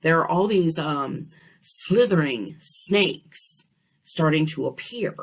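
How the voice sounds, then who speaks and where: Low-voiced woman telling a story. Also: takes it slowly, gravelly, slightly rough. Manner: animated, checks in with the listener often. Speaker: dream vlogger. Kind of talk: casual storytelling.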